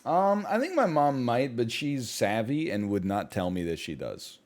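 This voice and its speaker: A man's voice: medium pitch, normal speed. Thirtysomething guy just shooting the breeze, laid back, pokes fun at himself. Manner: relaxed anecdote-telling, self-deprecating. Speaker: streamer and show regular. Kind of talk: casual chat.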